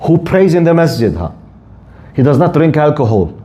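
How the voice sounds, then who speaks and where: A middle-aged man teaches a religious lesson in English, slipping in phrases as he tells stories. His voice sits a little high and swings widely in pitch as he animates each point. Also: normal speed. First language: Arabic. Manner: animated storyteller, mixes Arabic phrases into English. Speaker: Islamic scholar giving a tafsir lesson.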